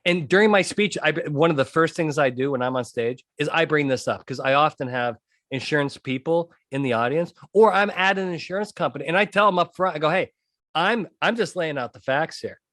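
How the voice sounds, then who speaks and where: A man hosting a litigation psychology podcast, ranting in a lively, animated way and laughing often. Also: on the high side, fairly quick, no room sound, clean studio sound. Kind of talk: solo podcast rant.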